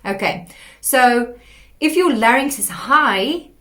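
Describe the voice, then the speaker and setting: A woman teaching a singing lesson, explaining patiently and demonstrating sung warm-up exercises. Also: a little high, lively intonation, slow. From South Africa. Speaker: vocal coach.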